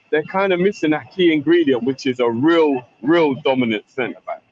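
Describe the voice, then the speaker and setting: A man dropping into a football chat from outside, slangy and halting as he argues his pick. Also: medium pitch, expressive, a little mellow, highs cut off, slight background noise. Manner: slangy, halting, confident opinions. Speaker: guest co-host. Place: on the move, joining by phone.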